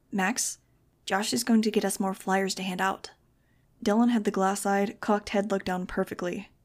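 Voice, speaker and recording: A woman reads a first-person novel aloud with a wry, sarcastic edge. Her gravelly voice sits at an ordinary pitch for a woman, and the sarcasm stays dry throughout. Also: darkish tone. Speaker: audiobook reader.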